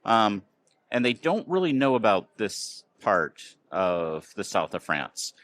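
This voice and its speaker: A fairly low-pitched American man talks in a loose, casual way. He hosts the chat and wanders through his stories with plenty of ums and restarts. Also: very animated, slow pace, a bit bright. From United States. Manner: rambling, filler-heavy storytelling. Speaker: podcast host. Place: outdoors near a train station.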